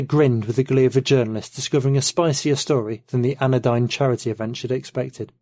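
A man's voice: medium pitch, fairly even intonation, quick pace, few pauses, warm tone, no room sound. Man narrating a novel, close and dry. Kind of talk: audiobook narration.

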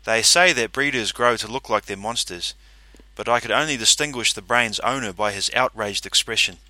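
A man's voice: medium pitch, moderate pace, pushed and bright, no echo. A man reading a first-person story aloud, in a dry, matter-of-fact narrating manner.

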